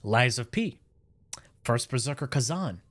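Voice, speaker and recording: A man livestreaming and reacting in a casual chat, animated and profane, with his pitch swinging up and down. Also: unhurried, no echo.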